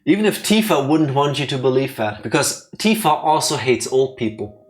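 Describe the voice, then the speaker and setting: A man's voice: medium pitch, normal speed, faint music behind. A man co-hosting a let's play, reading visual novel text aloud and bickering playfully with his co-host. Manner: playful, bickering, mock-indignant. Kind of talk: casual chat and reading game text aloud.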